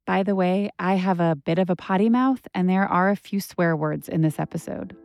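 A woman's voice: lowish voice, moderate pace, a little mellow, dry recording. A woman journalist telling a personal story as a podcast narrator, candid and conversational with frequent "like" fillers.

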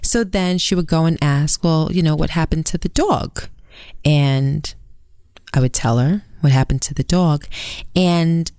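Woman in her forties, low pitch, dry studio mic; earnest, conversational storyteller. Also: a little slow, dark tone, clear, resonant tone, dry recording. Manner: earnest storytelling, mimics family members in quotes. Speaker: podcast co-host. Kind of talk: casual conversation.

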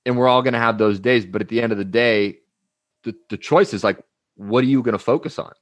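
Energetic man telling stories, dry sound. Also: mid-range voice, a little fast, dry recording. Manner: energetic storyteller, uses anecdotes and acted-out quotes. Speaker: guest, life coach. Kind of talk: casual interview talk.

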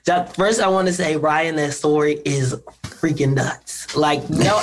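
A man, a voice actor guest, chatting casually on a video call in an animated storytelling way. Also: a little high, measured pace. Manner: animated storyteller, laughs often. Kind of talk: casual interview chat.

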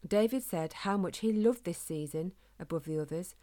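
A woman reading a children's storybook aloud in a calm, gentle, steady way. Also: on the low side, normal speed. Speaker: narrator.

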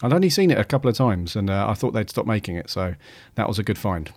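A man's voice: fairly low pitch, big pitch swings, quick pace, darkish tone, no room sound, studio quality. A man co-hosting a podcast in casual chat, talking hesitantly with lots of ums. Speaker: podcast co-host.

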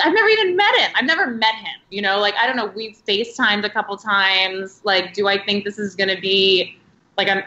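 A woman's voice: mid-range voice, pushed and bright, reverberant, dull audio, a little hiss or hum. A woman in her thirties, talking as a guest in a casual interview, chatty and rambling with many filler words. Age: 30s.

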